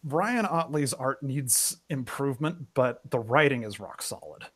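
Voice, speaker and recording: A young male guest joins a casual stream chat. His voice swings up and down in an animated way, and he jokes and laughs easily. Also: mid-range voice, a little slow, breathy edge. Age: young adult.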